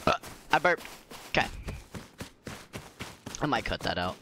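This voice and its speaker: A man casually commenting on his own gameplay, excitable and prone to sudden loud yelling and laughter. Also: medium pitch, a little slow, slight background noise. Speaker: gaming video creator.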